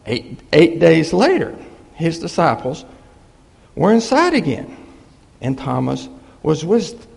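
A middle-aged man preaching a sermon in a folksy, animated way, acting out quick quotes and chuckling between points. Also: on the high side, gravelly. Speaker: pastor. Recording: long reverb of a large hall.

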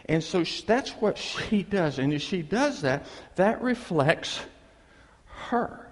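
A man telling a funny personal story to a live audience, animated and self-deprecating, dragging out his punchlines. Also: high-pitched, slow pace. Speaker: speaker addressing a live audience. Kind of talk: humorous personal storytelling talk. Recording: long reverb of a large hall.

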